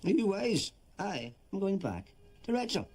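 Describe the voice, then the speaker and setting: An actor playing a warm, jokey Irish man in his thirties, in a TV drama. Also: sits high, very animated, moderate pace, faint music behind. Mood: earnest. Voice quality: joking, teasing. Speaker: husband. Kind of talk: TV drama acting.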